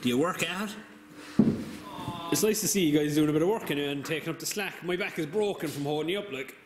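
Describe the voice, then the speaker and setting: A man's voice: fairly high pitch, quick pace. A man with an Irish accent bantering and teasing his friend while filming work on a car in a workshop. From Ireland. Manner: teasing, jokey, laughs often. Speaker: co-host filming the build. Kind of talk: casual banter. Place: echoey workshop garage. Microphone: handheld camera mic. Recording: echoey garage, background noise.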